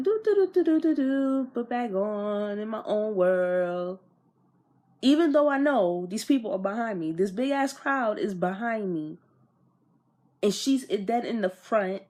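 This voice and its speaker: A young woman vlogger telling a storytime casually in slang, swearing and getting animated, recorded on an iPod camera. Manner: animated, slangy, swears, pitch jumps when riled.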